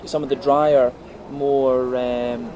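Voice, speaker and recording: A man's voice: medium pitch, flat delivery, slow pace, noisy background. A man giving a casual, methodical beer tasting review, talking through the flavours layer by layer with plenty of ums and uhs. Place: on a brewery visit.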